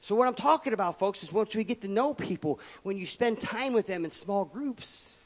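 A man, preaching a sermon as pastor, emphatic and swinging between loud declarations and quiet asides. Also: high voice, animated, moderate pace. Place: church sanctuary. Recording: long reverb of a church hall.

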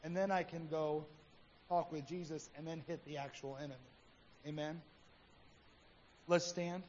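A man with a fairly high voice preaches a sermon in a relaxed, conversational way, slipping into the voices of the people in his stories. The recording is dull and lo-fi, with a long hall reverb and faint noise behind him. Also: a little slow. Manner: conversational preaching, acts out his own quotes. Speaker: pastor.

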